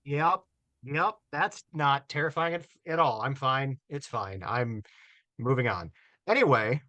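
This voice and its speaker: A man in loose, profane casual chat as a guest, joking and quick to laugh while reading ghost stories aloud. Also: medium pitch, bright, forceful tone, no echo. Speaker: guest co-host.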